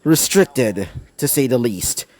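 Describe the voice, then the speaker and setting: A man's voice: mid-range voice, expressive, slow, a little mellow, voice pushed down. A man voicing a reluctant, embarrassed young male mage who explains things grudgingly in a fan-made story.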